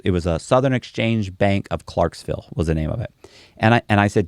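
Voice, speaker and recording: A man with a lowish voice talks quickly, recorded clean in a studio with no room sound. He's an interview guest spinning a long, casual story, animatedly acting out the voices of the people he quotes.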